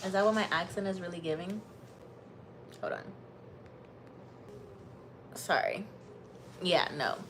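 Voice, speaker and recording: An American woman hosting a livestream, reading a book aloud with steady emphasis and breaking into bubbly, chatty asides to her viewers. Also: fairly low pitch, slow, long pauses, noisy background. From United States. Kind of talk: reading aloud to live viewers, with casual chat.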